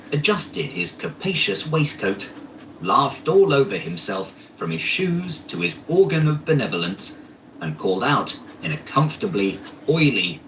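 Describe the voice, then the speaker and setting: A man narrating a classic story aloud in an unhurried, expressive reading while working in an art studio. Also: fairly low pitch. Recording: distant mic, faint background noise.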